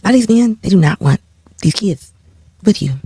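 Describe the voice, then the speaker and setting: A woman's voice: medium pitch, animated, normal speed, warm tone, husky, dry recording, studio quality. A woman hosting a reaction video, cutting in with sarcastic, scolding asides. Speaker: reaction channel host. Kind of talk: reaction commentary.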